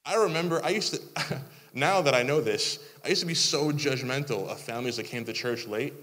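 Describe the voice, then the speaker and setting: Man, thirties, preaching, animated, mock-complaining asides, middle pitch, long reverb of a church hall. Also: brisk. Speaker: pastor. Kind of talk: sermon.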